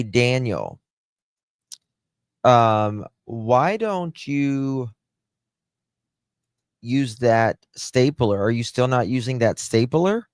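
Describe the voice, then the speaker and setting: A man talks slowly in a low voice on a livestream. He greets his chat by name and drifts between topics in loose, unfinished sentences. The sound is dry and close, with no room around it. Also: darkish tone, no echo. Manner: chatty, greets viewers by name, trails off and restarts. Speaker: livestream host. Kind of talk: casual livestream commentary.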